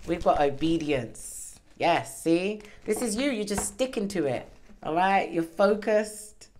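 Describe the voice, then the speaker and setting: A low-voiced woman gives a casual tarot reading, chatty and encouraging. Her microphone sits close to her hair, and faint background noise runs underneath. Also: a little mellow. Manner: chatty, encouraging, often checks in with "okay?". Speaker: tarot reader. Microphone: microphone worn near her hair.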